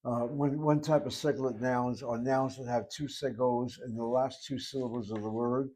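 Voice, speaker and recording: A man's voice: medium pitch, fairly even intonation, moderate pace, darkish tone. A man giving a classroom lecture on Hebrew grammar, methodically spelling out vowels and letters at the board. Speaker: Hebrew teacher.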